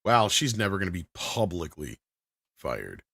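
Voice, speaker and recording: A man's voice: deep voice, huge pitch swings, gravelly, a bit bright, husky, dry recording. Man hosting a panel, dry close sound. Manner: joking, quick to laugh. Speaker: show host reading viewer messages. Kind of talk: casual panel chat.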